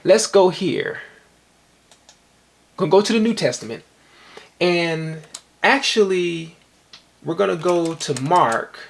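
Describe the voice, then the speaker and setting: A man giving an online Bible teaching, reading verses slowly and stressing each point with repeated questions to his listeners. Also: sits high, lively intonation, gravelly, slight background noise. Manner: emphatic, repeatedly asks "do you see this"; reads verses slowly and deliberately.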